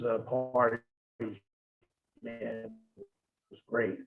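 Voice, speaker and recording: A man spins loose, profane road stories in a relaxed interview voice, his pitch sitting squarely mid-range. The sound comes through thin and tinny, as if over a phone line. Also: takes it slowly, pauses often, music in the background. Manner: profane, laid-back storytelling with laughs. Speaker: guest, former wrestler. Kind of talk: casual storytelling interview.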